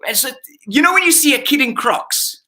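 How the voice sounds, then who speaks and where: A man's voice: extremely high pitch, lively intonation, bright, forceful tone, voice pushed up, full character voice. A ventriloquist voicing a cheeky, outspoken male puppet sidekick, joking sarcastically over a video call. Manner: sarcastic, quick jokes, mock outrage. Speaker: puppet comedian guest.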